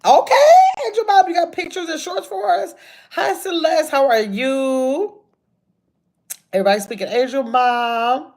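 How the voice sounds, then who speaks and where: A woman's voice: high voice, a little slow, a little mellow. An older woman, chatting casually on a livestream from a hotel room, reading viewer comments and calling them y'all. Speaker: livestream host.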